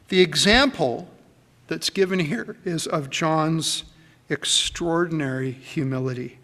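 A man preaching a sermon to a church congregation, emphatic and deliberate, stretching his phrases. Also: a little high, fairly bright tone. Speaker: pastor. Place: church sanctuary. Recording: long hall reverb.

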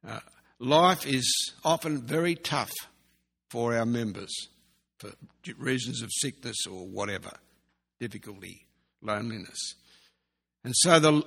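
A man preaching a sermon in an earnest way, slowly repeating key phrases for emphasis. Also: mid-range voice, creaky, fairly bright tone. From Australia. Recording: long hall reverb.

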